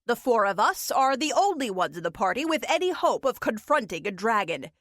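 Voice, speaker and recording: A woman's voice: on the high side, sing-song, brisk, a bit bright, dry recording. A woman voicing an aloof male wizard who speaks in a dry, formal, bored way.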